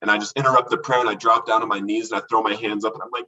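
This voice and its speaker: A man recounting his recovery from addiction as a podcast guest, earnest and halting, with many restarts. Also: on the low side, steady tone, sharp tone, recorded from a distance, rough recording. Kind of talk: candid testimony in a podcast conversation.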